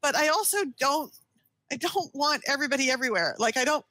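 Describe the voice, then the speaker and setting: A woman's voice: sits high, expressive, fast talker, sharp tone. A woman on a casual podcast panel, chatting easily and filling her talk with "like" and "you know".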